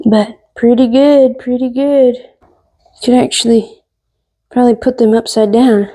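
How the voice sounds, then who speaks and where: A woman hosting a casual cooking tutorial, playful and joking with her viewers, sometimes dropping to a soft whisper. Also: on the high side, steady tone, normal speed, noisy background. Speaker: cooking vlogger.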